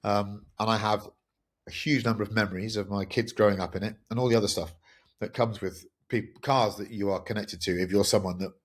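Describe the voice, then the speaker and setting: Podcast host, middle-aged man, lowish voice, candid and self-deprecating, loose rambling delivery. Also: husky. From England. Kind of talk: casual podcast monologue.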